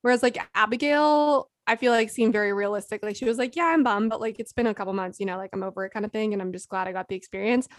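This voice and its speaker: A woman's voice: mid-range voice, fast, hardly any pauses, dry recording. Chatty woman co-host, dry close sound. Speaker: podcast co-host. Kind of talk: casual chat.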